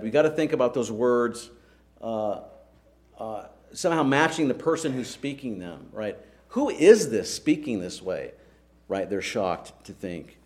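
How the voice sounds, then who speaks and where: A male preacher delivers a sermon at a mid-range pitch. He speaks earnestly and presses each point with emphasis. He often checks in with the listeners through rhetorical questions. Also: a little mellow.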